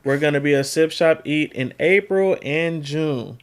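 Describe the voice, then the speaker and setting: A man's voice: a little high, a little slow, smooth. A man appearing as a podcast guest in casual chat, plugging his events in an upbeat way.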